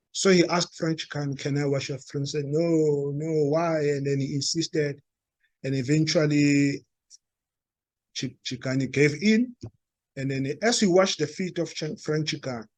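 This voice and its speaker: A man with a South African accent tells a story to a room of listeners, his voice sitting a little high. He stops and restarts often and repeats words as he goes, and he acts out the dialogue he quotes. The sound is dry and close, with almost no room echo. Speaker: speaker at a talk. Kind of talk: storytelling talk to a live audience. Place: meeting room.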